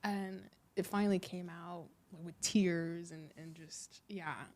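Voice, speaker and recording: A woman co-hosting a podcast, chatting casually and telling a story with lively acted-out quotes. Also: fairly low pitch, slow pace. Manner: animated storytelling, acting out quoted voices. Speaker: podcast co-host. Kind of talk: casual chat.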